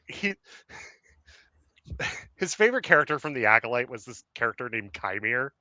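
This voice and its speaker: A man's voice: mid-range voice, sing-song, normal speed, sharp tone, no echo. A man hosting a streamed podcast, chatting casually and rambling with many fillers and laughs. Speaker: podcast host. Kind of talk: casual chat.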